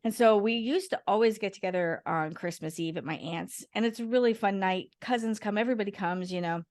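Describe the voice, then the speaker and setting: A woman's voice: medium pitch, brisk, darkish tone. A woman in her forties, a podcast guest telling stories in casual chat and laughing often.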